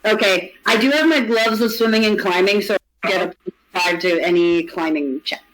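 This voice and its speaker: A man's voice: high-pitched, moderate pace, fairly bright tone, low-quality recording. A man playing a tabletop game in a chatty, easygoing way. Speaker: player. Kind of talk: casual tabletop game talk.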